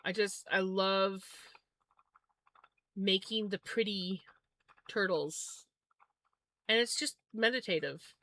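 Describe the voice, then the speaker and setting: A woman's voice: mid-range voice, takes it slowly, long pauses, pushed and bright. A woman livestreamer chatting casually and musing aloud while spinning yarn, often correcting herself.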